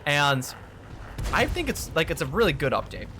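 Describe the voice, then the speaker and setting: A man's voice: on the high side, sing-song, moderate pace, sharp tone, a little hiss or hum. A man hosting a casual gaming chat, agreeable and muttering to himself as he plays. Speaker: gaming video host.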